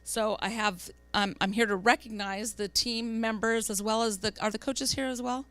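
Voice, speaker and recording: A woman school board member presenting awards at a public meeting, earnest, reading names slowly and carefully. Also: a little high, steady tone, fairly bright tone, clean tone.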